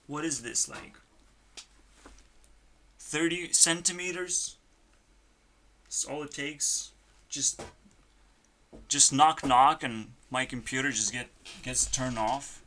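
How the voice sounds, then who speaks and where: A channel host at a home computer desk, delivering a frustrated rant full of swearing that swings between loud outbursts and quiet muttering. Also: mid-range voice. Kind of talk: ranting vlog.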